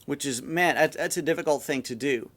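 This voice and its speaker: A male pastor giving a sermon in a relaxed, conversational storytelling way, often repeating words as he goes. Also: medium pitch, fairly quick.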